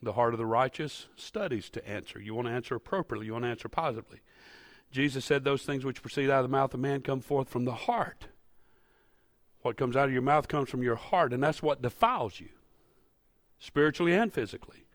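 A man preaching a sermon in a church, folksy and storytelling, rising to loud emphatic peaks. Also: mid-range voice, fairly quick, dry recording, studio quality. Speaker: pastor. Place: church sanctuary.

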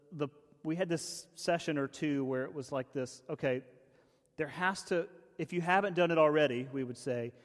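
A man preaching a casual, conversational sermon, often restarting phrases and saying "like" as he goes. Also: a little high. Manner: casual, chatty, many restarts and "like". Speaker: pastor. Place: church hall. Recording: long church reverb.

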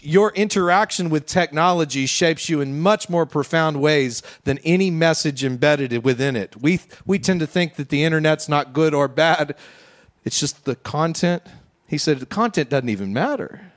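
A man preaching a conversational sermon, then leading the congregation in a slow, quiet breathing prayer. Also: on the high side. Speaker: pastor.

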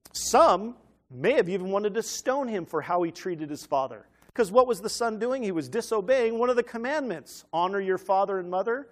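A man preaching an animated teaching sermon who keeps asking his listeners questions. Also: sits high.

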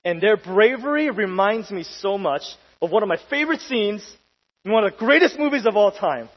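A young man preaching a sermon in a casual, lively way, full of slang and little asides. His voice sits a bit high. It rings with long reverb through the church hall, and the recording is dull with a faint hum underneath. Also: brisk, husky. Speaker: pastor.

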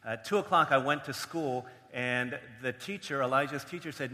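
A man's voice: medium pitch, normal speed, bright, forceful tone, big-room sound. A man preaching a sermon, telling a family story with playful quoted voices. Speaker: pastor.

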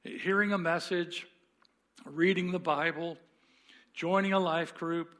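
High-voiced pastor preaching, earnest storytelling, lots of pauses. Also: male voice, steady tone, fairly bright tone. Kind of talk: sermon.

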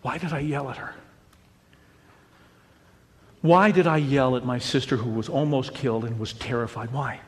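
A middle-aged man, a pastor, preaching a sermon in an animated way, dropping to a hush and then rising to a shout. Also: medium pitch, normal speed, pauses often, long reverb tail, slight background noise. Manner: animated preaching, swinging between hushed and shouting.

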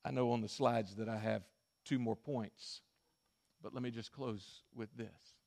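A male pastor preaching a sermon and telling a story, swinging from emphatic stretches to hushed ones. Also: mid-range voice, fairly even intonation, measured pace, vocal fry.

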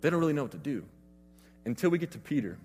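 A man's voice: fairly high pitch, sing-song, racing, darkish tone, in a large hall, faint music behind. A man preaching a sermon, retelling scripture in a casual, conversational way.

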